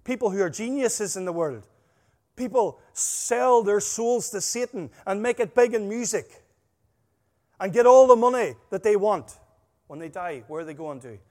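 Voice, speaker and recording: A man preaching a sermon, emphatic and full of stories, his volume swinging between loud stresses and quiet asides. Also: high voice, animated, normal speed. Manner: emphatic, storytelling, rising and dropping volume. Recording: long hall reverb.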